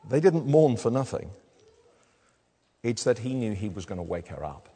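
A man's voice: medium pitch, big pitch swings, normal speed, darkish tone, breathy edge. A man preaching a sermon in a conversational way, asking his listeners tag questions and often restarting his words. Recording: long hall reverb.

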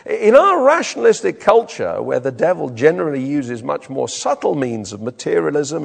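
A British man preaching a sermon with an animated, emphatic delivery in a church hall. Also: fairly high pitch, normal speed, gravelly, slightly rough. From Britain. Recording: long reverb in a hall.

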